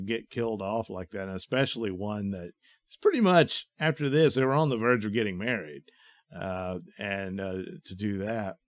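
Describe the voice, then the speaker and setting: A man's voice: lowish voice, dry recording. Man, comic book commentator, casual rambling recap, lots of fillers, dry close sound. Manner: rambling, full of fillers and exclamations; chuckles while talking.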